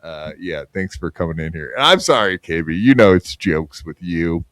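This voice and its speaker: A man with a low voice hosts a casual podcast, rambling through crude banter full of fillers. He mocks himself freely. The sound is dry and close. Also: lively intonation, moderate pace, a bit bright, no echo. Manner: rambling, crude, self-mocking, many fillers. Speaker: podcast host.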